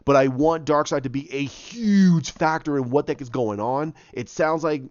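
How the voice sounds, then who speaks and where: A man's voice: a little high, moderate pace, a little mellow, no echo, lo-fi sound. A man casually retelling his own movie idea, rambling with many restarts and repeated words. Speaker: fan pitching his own movie plot.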